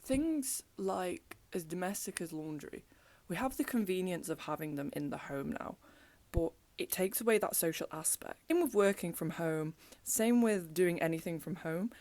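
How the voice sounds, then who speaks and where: A woman's voice: lowish voice, expressive, moderate pace, darkish tone, no echo. Chatty young woman vlogging. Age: young adult. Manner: chatty storytelling, frequent "like" fillers. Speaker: student vlogger. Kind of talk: casual vlog chat. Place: apartment living room.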